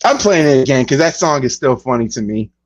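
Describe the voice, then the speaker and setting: A man's voice: sing-song, fast talker. Guy hosting a chat show, voice bouncing all over, laughs a ton, muffled lo-fi sound. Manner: laughs a lot, jumps into high squealing impressions. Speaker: podcast host. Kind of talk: casual chat.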